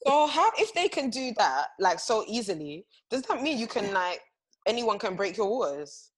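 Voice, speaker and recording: A woman's voice: mid-range voice, very animated, moderate pace, low-quality recording. A woman in casual chat among friends, curious and full of questions. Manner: curious, asks lots of questions.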